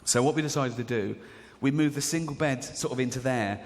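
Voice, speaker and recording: An English stand-up comedian tells chatty stories on stage in a large theatre, slipping into other people's voices. His voice is medium-pitched and fairly quick. Live theatre reverb and faint crowd ambience fill the recording.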